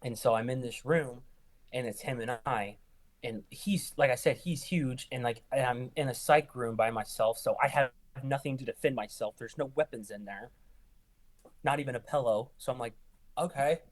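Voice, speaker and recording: Young male ER nurse, animated storyteller, mid-pitch voice, casual podcast chat. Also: normal speed. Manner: animated, acts out quoted lines with rising pitch. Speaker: ER nurse guest.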